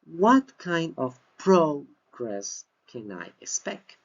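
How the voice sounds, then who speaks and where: A man whose first language is Spanish, teaching English pronunciation and stressing each word slowly and clearly. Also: a little high, big pitch swings. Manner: exaggerated word stress, repeats words slowly. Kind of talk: slow deliberate pronunciation lesson. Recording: slightly dull lo-fi recording.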